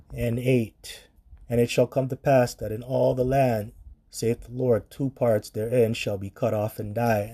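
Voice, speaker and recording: A man's voice: mid-range voice, dark tone. A man preaching on scripture in a blunt, profane commentary style, reading verses aloud and reacting to them.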